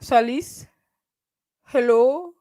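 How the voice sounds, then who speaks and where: A woman's voice: a little high, extremely slow, mellow, pitched above the performer's own voice. A woman voicing an overly polite overseas call-center representative, with a put-on thick foreign accent and stiff, formal phrasing. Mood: businesslike. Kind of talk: comic impression during a livestream.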